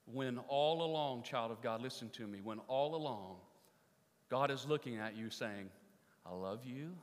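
A man's voice: medium pitch, normal speed. A man preaching a sermon, telling a story with energy and asking the congregation questions. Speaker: pastor. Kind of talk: sermon with story and closing prayer. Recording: long reverb of a large hall.

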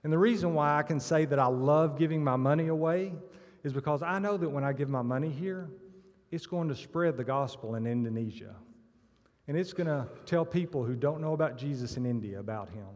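A man's voice: medium pitch, darkish tone. A man giving a sermon-style church talk, telling stories with acted punchlines. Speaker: church member giving testimony. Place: church sanctuary. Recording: long reverb of a church hall.

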